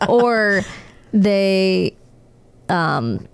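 A woman's voice: mid-range voice, big pitch swings, moderate pace, a crowd in the background. Playful woman reading news aloud. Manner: joking, playful asides, laughs often. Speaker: podcast co-host.

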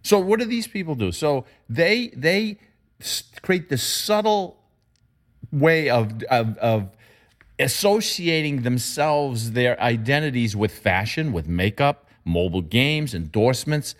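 A man discussing marketing in an emphatic, animated way, his pitch jumping up when he makes a point. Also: unhurried. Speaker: marketing commentator. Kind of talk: conversational discussion.

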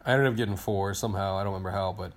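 A man in his thirties on a podcast, telling a long story in a casual, excited, rambling way and acting out what people said. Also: sits low, racing. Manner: excited, rambling storyteller who acts out quotes. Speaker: podcast co-host, team digital director.

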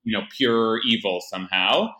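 A man's voice: lowish voice, normal speed, sharp tone. Rambling man in an echoey room. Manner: rambling, hesitant, frequent fillers. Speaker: podcast co-host. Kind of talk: casual chat.

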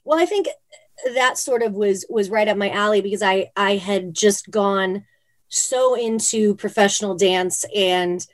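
A woman's voice: mid-range voice, unhurried. Chatty woman telling stories. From Phoenix, Arizona. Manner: chatty, many "like" and "you know" fillers, animated retellings. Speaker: guest. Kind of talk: casual interview storytelling.

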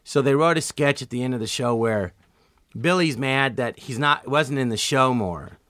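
A man's voice: medium pitch, moderate pace, a bit bright, no room sound, clean studio sound. An older man, a guest on a talk show, telling stories casually and acting out quoted voices with animation. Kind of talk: casual storytelling.

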